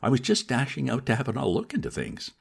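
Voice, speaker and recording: A man reading aloud, voicing a flustered, excitable young upper-class gentleman in a raised voice. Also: fast, creaky, slightly rough, exaggerated voice. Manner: high, breathless and excitable.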